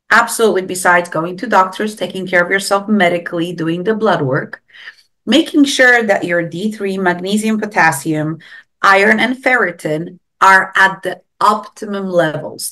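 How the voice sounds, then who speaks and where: A woman's voice: on the low side, normal speed, pushed and bright. A middle-aged woman speaking as a guest expert in an interview, explaining things earnestly and stressing her key advice.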